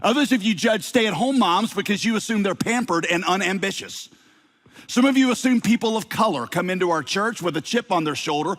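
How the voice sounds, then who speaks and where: A middle-aged man with a slight Southern accent, preaching a sermon to his congregation with lively delivery and playful asides. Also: high voice. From Southern United States. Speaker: pastor.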